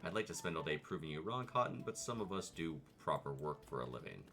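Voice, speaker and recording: A man's voice: extremely low pitch, big pitch swings, fast, sharp tone, pitched below the performer's own voice, exaggerated voice. A man voicing a grumpy, sarcastic male hobbit miller with a sneering, dismissive way of speaking.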